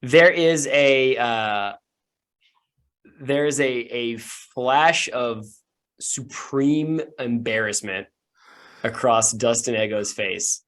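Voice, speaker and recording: A man's voice: medium pitch, extremely slow, a bit bright. A man narrating as game master of a tabletop game, loose and joking with filler words.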